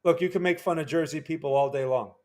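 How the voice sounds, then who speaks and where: A man's voice: fairly high pitch, fast talker, a little mellow. A man casually talking through live futures trading on a stream, chatty and repeating himself, often tagging sentences with "right?". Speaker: day trader and live streamer.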